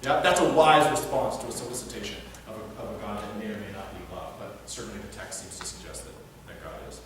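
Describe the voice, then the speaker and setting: A man's voice: fairly low pitch, fast talker, crowd noise. A man, a philosophy professor, giving a live lecture in a hall and often checking that the audience follows. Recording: echoey hall, distant mic, faint noise.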